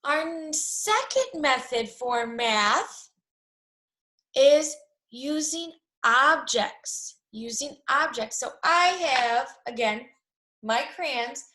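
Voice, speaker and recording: A woman teaching a math lesson to young children, speaking slowly and clearly, asking questions and then answering them herself. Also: sits high, sharp tone. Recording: echoey room.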